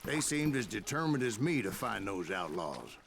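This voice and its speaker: A gravelly old cowboy narrator. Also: male voice, fairly low pitch, big pitch swings, normal speed, a crowd in the background. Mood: grim. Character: gruff older male cowboy bounty hunter narrating. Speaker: game narrator.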